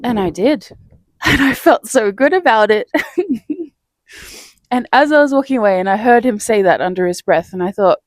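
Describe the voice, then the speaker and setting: A woman's voice: on the high side, lively intonation, moderate pace, pauses often, no room sound. Woman vlogger, chatty and laughing. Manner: chatty, laughs between phrases. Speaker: self-help vlogger. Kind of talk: casual storytelling to camera.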